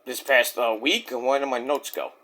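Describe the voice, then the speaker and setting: A man's voice: medium pitch, steady tone, normal speed, sharp tone. A man casually reviewing a wrestling show in a rambling, jokey, profane way.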